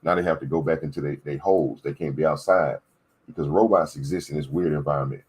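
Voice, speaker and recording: A man with a very low voice that carries a husky edge gives a political rant. He hammers points home by repeating them and keeps checking in with whoever is listening. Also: fairly even intonation, fast talker, a little mellow. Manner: emphatic, repetitive, preachy. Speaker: political commentator. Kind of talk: ranting commentary.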